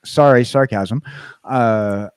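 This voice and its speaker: A man's voice: medium pitch, takes it slowly, slight background noise. An American man hosting a casual livestream chat. He rambles and halts, with lots of fillers and restarts. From United States. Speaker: livestream host.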